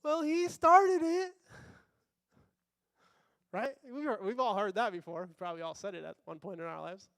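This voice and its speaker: A man's voice: high voice, lively intonation, fast, gravelly, few pauses, fairly bright tone, dry recording, clean studio sound. A young adult man preaching a sermon in a conversational way, asking rhetorical questions and acting out quotes. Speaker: pastor.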